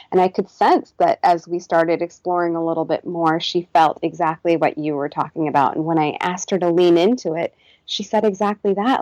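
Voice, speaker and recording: A woman therapist speaks on a podcast in a calm, reflective way. Her voice sits a little low, and it turns soothing when she models kind words to herself. The sound is dry and close to the mic. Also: no room sound, lo-fi sound. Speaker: therapist guest. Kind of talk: podcast interview.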